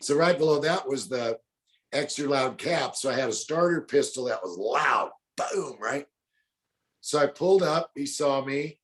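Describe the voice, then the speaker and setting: A man's voice: medium pitch, normal speed. An older man in his sixties with a drawl, telling folksy stories as an interview guest. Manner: folksy, acts out other people's lines in the stories he tells. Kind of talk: casual storytelling.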